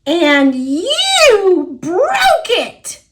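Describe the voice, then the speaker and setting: American lady doing a squeaky little piggy girl for a kids book, loud, big ups and downs, drawn out. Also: huge pitch swings, exaggerated voice. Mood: upset. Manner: big swoops from shrieks to wails, drawn-out. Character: excitable little female pig, loud and emotional. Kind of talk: picture book read-aloud.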